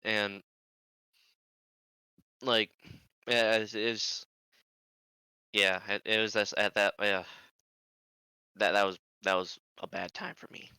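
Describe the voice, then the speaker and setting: Young man, podcast guest, animated storyteller, bright smooth voice, dry sound. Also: lowish voice, takes it slowly, pauses often, no echo, low-quality recording. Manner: animated, swears freely. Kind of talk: casual storytelling.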